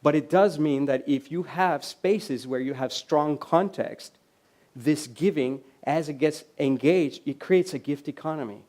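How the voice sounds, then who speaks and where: A man with a fairly high voice gives a keynote talk at a university event. He tells stories with lively energy and often laughs. He slips into the voices of the people in his stories. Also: measured pace. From USA. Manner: animated, acts out quoted voices, laughs often. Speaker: keynote speaker. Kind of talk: storytelling keynote speech. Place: university event hall with audience.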